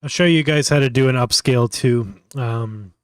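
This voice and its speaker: A man's voice: medium pitch, moderate pace, clear, resonant tone, dry recording, clean studio sound. A man hosting a casual live tutorial, thinking aloud with many fillers and restarts. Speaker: host.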